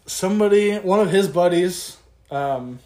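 A man's voice: high-pitched, measured pace. Young man telling a swearing story. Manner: animated, swearing, acts out quotes. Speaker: podcast co-host. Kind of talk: casual chat, storytelling. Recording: echoey room.

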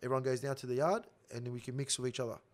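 A young Australian man telling a story as a podcast guest, profane, animated and swaggering. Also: mid-range voice, very fast. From Sydney, Australia. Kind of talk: casual storytelling.

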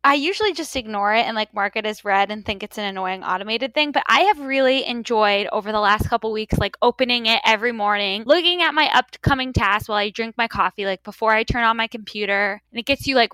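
Bright-voiced young-sounding female co-host. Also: fairly high pitch, fast talker, hardly any pauses, clean tone, no room sound. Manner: upbeat, lots of fillers like "like". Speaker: podcast co-host. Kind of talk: casual chat.

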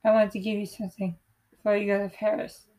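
A young woman reading the lines of a gentle, loving father in her own voice, soft and tender. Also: medium pitch, level tone, fast talker, close to an everyday voice, rough recording.

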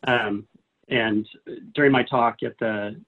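A man who is a guest on a podcast, talking in a relaxed, easygoing way and laughing easily as he explains how he prepares for big adventures. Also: mid-range voice, takes it slowly. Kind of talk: casual podcast chat. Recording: tinny phone-like line.

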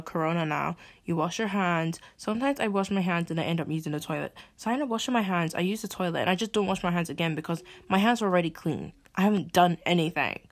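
Exasperated young woman ranting. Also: on the low side. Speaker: podcast host. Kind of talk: venting monologue.

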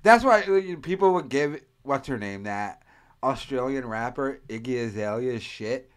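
With a clear, resonant, medium-pitched voice, this American man speaks expressively at a moderate pace. He hosts a casual, crude podcast, rambling profanely and mimicking accents mid-story as he riffs.

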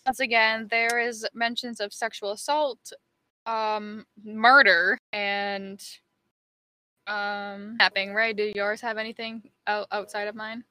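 A young British woman hosting a casual podcast, rambling and giggly with lots of ums, her voice going a bit hoarse. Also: mid-range voice, little pitch movement, takes it slowly, bright, forceful tone. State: losing her voice. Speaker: podcast host. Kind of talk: casual chat, reading notes.

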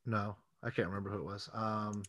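A man's voice: lowish voice, flat delivery, fairly quick, fairly bright tone, a little hiss or hum. A man co-hosting a casual sports podcast, laid-back and agreeable, his voice dropping to a mutter when he concedes a point. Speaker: podcast co-host.

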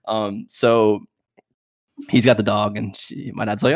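A man's voice: lowish voice, steady tone, measured pace, gravelly, pauses often, no room sound, clean studio sound. A young man in casual storytelling, rambling with many fillers and acting out quotes in a raised voice. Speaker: podcast guest.

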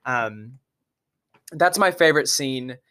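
A man co-hosting a movie podcast in easygoing chat. He is eager and animated as he retells favorite scenes, and he tosses in quick side remarks. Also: medium pitch, clear, resonant tone. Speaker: podcast co-host. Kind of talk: casual movie-review chat.

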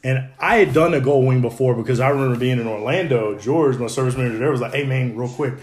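A man in his thirties hosting a podcast, telling profane, animated stories to friends in his kitchen. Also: medium pitch, fast talker. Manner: profane, animated storyteller who laughs a lot. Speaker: podcast host. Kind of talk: casual storytelling among friends. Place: home kitchen.

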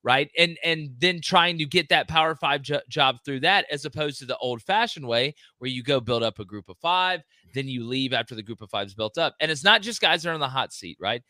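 Guy giving hot takes on football, kinda high voice, mocks people in silly voices. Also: animated, a little fast, hardly any pauses, pushed and bright, dry recording, studio quality. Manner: opinionated, mocks others in exaggerated voices. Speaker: guest commentator. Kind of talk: casual sports talk.

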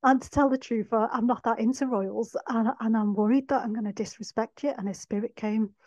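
A woman hosting a podcast, talking in a heartfelt, soft-spoken way and laughing often. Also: a little high, fairly even intonation, a little fast, no echo. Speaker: podcast host. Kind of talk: reflective spiritual monologue. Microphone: no microphone. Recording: dull dry sound, no microphone.

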